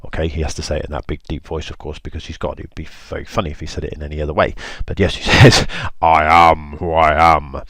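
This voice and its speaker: Man, very low voice, dry sound, informal lesson, chatty retelling. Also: steady tone, rapid-fire, creaky, few pauses, fairly bright tone, slightly rough, no echo. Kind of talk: retelling a Bible story in a lesson.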